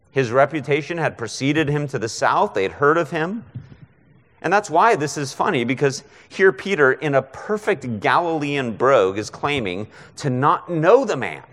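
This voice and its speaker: A man's voice: a little high, fairly bright tone, big-room sound. A man preaching a conversational expository sermon as a guest preacher, often checking in with listeners by asking "right?". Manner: conversational, frequent rhetorical "right?".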